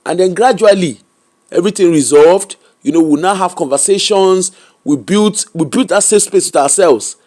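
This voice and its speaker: A Nigerian woman opens up as an interview guest, her delivery animated and emphatic. She swings between English, Pidgin and Yoruba as she talks about her own life, stressing her strongest points. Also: lowish voice, normal speed. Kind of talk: candid personal storytelling.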